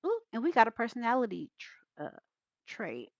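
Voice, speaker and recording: A woman's voice: on the high side, huge pitch swings, moderate pace, no echo. Chatty woman narrating a game. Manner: chatty, laughs often, voices characters. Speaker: gameplay narrator. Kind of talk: casual let's-play narration.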